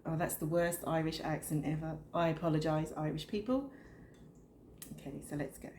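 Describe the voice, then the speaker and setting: A middle-aged woman talks her viewers through a home cooking demo in an easy, chatty way. Her voice sits a little low and sounds soft and mellow. It is picked up by a camera on the kitchen counter, with a faint hiss underneath. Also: normal speed. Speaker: cooking vlogger. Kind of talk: casual cooking demonstration.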